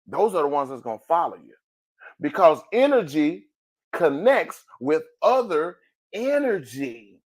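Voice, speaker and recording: A man hosting a podcast in a motivational monologue, colloquial and preachy, calling out "ooh" and swinging between loud and soft. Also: sing-song, measured pace. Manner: preachy, exclaims "ooh", big swings in pitch and volume; colloquial, addresses listeners as family. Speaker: podcast host.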